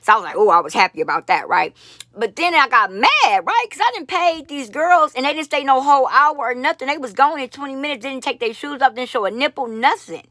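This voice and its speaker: A woman vlogger telling a long personal story to her viewers, blunt, profane and animated, with many asides to the audience. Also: high-pitched, brisk, dry recording, studio quality. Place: lives in Las Vegas.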